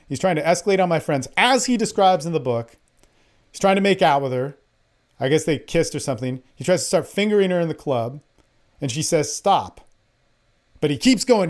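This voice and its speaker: A man's voice: on the high side, animated, brisk. A man who works as a dating coach, talking in an angry, profane, rambling monologue. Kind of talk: impassioned monologue.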